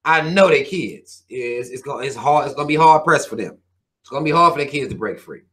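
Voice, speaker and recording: A man's voice: mid-range voice, animated, fairly quick, a bit bright. A man hosting his own channel, reading viewer comments and ranting in a heated, profane, preachy way. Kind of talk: casual rant to viewers.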